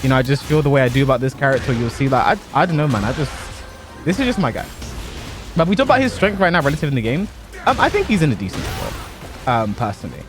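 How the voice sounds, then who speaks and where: A young man chatting casually about a fighting game while he plays, animated and given to exaggeration, laughing at himself now and then. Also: mid-range voice, fast talker, music in the background. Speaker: pro fighting game player and content creator. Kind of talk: casual commentary over gameplay.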